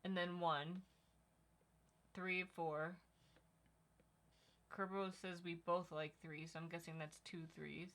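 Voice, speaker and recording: Female co-host, slightly low-pitched, bright tone, chatty livestream banter. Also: level tone, slow pace, long pauses. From Connecticut. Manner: chatty, reads out viewer comments. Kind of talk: casual livestream chat.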